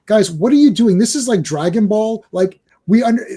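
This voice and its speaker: Guy in his 40s guesting on a talk show, mellow dark voice, kinda high, rambles and restarts. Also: lively intonation, normal speed, slightly rough. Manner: rambling, with many restarts and fillers. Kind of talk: casual chat.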